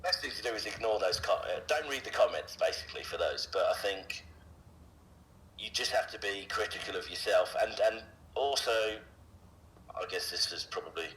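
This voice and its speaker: A low-pitched man answering interview questions as a voice actor. He speaks casually, stopping and restarting often, filling gaps with ums and uhs. A faint hiss runs under his voice. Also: animated, moderate pace, a bit bright, rough recording. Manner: hesitant, many fillers and restarts.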